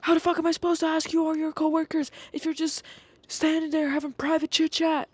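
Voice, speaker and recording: A podcaster putting on a shrill furious grandpa. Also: level tone, fairly quick, no room sound, natural voice. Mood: furious yelling. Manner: yelling, swearing, indignant. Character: furious foul-mouthed grandpa customer.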